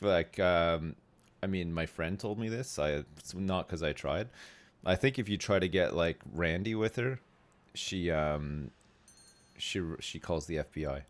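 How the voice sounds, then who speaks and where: A man live-streaming a game, chatting casually in a joking, rambling way. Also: low-pitched.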